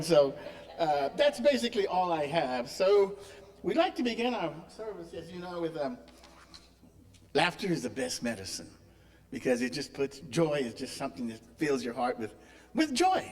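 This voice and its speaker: A man leading a church service, giving chatty announcements and telling a joke with laughter. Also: fairly high pitch. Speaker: service leader.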